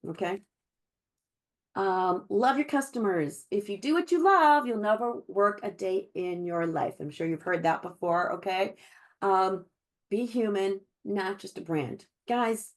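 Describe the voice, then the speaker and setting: A woman giving an encouraging sales team training over a video call, chatty and full of fillers. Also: medium pitch. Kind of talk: virtual team training talk.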